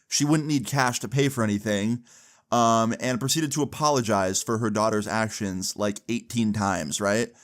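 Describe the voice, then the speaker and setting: A young man recounting a personal story in a chatty storytime style, full of "like" and "you know" fillers. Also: mid-range voice. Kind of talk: casual storytime.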